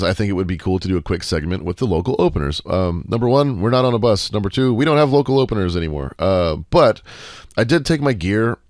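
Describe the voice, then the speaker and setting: A man's voice: deep voice, no echo, studio quality. A man hosting a casual Q&A podcast, laid-back and wry, rambling with fillers, sarcastic asides and casual swearing. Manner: rambling, with many fillers and restarts. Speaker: podcast host.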